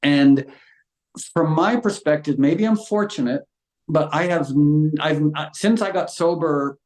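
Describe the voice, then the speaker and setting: A man's voice: fairly high pitch, unhurried, darkish tone. Earnest middle-aged man in a roomy space. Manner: earnest, impassioned and frank. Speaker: guest. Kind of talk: conversational interview. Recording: roomy echo.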